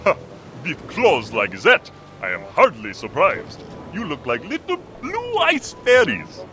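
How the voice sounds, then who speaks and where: A man voicing a huge, jovial, muscular fisherman giant in a comedy audio drama, speaking in a booming, formal, stilted way. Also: huge pitch swings, measured pace, bright, forceful tone, slight background noise, heavily acted. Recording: music in the background.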